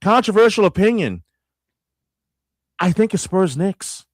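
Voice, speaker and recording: Animated stammering man talking sports. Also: sits high, measured pace, dry recording, clean studio sound. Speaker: radio host guest. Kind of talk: casual sports talk.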